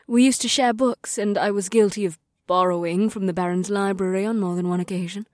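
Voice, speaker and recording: A man voicing a shy, bookish young woman from another world, speaking softly and breathily in an audiobook. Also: high voice, steady tone, fairly quick, dry recording, clean studio sound, pitched above the performer's own voice, close to an everyday voice. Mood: wondering. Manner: breathy, soft, reverent. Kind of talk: audiobook character voice.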